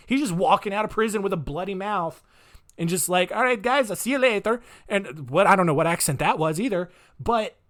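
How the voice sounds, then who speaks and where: A man with a slightly higher voice tells a true-crime story on his podcast, loose and jokey. He keeps breaking into incredulous asides. The sound is dry and close. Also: a bit bright, no room sound. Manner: incredulous, wry, jokey asides, frequent "um" and "all right?". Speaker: podcast host.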